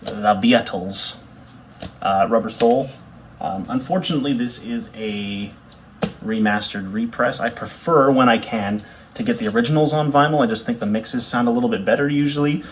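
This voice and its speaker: A young man, a bassist chatting casually to camera in a rambling, easygoing way with fillers and self-corrections. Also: fairly quick, a little hiss or hum. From Canada. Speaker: bassist showing his record collection.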